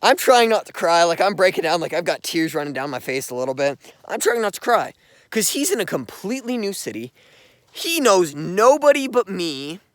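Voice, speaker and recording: A young man vlogs while out walking his dog through the streets, rambling earnestly through a story packed with "like"s. The recording is dry, and his high, slightly bright voice is very animated at a moderate pace.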